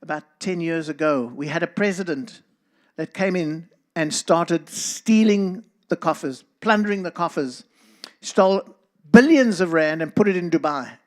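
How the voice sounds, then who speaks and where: A man's voice: a little high, expressive, a little slow. A middle-aged man with a South African accent, giving an earnest talk to a church congregation and speaking to listeners by name. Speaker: guest speaker.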